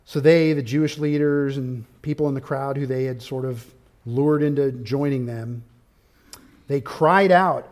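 A man preaching an expository sermon, walking through his outline point by point and rising to forceful, loud peaks of emphasis. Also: mid-range voice, measured pace. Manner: outlined teaching with subpoints. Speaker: pastor.

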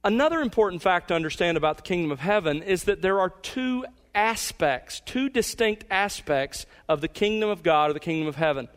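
A man with a somewhat higher voice preaching a verse-by-verse sermon from the pulpit. He speaks in an emphatic, measured way and slows down to lean on the words that matter. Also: animated, a bit bright. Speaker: pastor. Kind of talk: expository sermon.

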